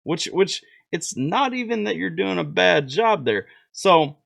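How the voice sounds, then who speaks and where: A man's voice: sits high, lively intonation, measured pace, gravelly, fairly bright tone. A man hosting a music reaction video, giving a casual, constructive review. He talks in a rambling way, with many fillers and repeated words. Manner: constructive, coaching tone.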